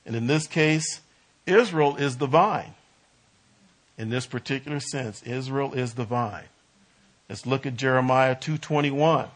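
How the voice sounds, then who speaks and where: Man, bible study teacher, mid-pitched voice, halting delivery, stresses key words. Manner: halting, with fillers and restarts, rising with emphasis on key words.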